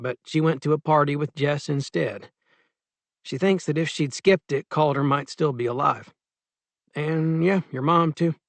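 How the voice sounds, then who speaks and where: A man narrating a short story aloud in the first person in a measured, steady way. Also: fairly high pitch, no echo. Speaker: audiobook narrator.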